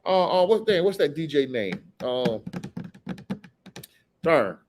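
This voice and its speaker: A man's voice: fairly high pitch, big pitch swings, darkish tone, slight background noise. Man casually teaching scripture. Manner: conversational, reads verses slowly and deliberately. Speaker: Bible teacher. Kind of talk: casual scripture study talk.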